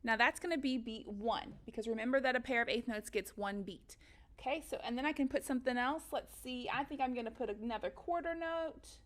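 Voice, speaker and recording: A woman's voice: fairly high pitch, fairly quick. A woman music teacher giving a recorded lesson for children, upbeat and encouraging, counting beats and chanting rhythms aloud.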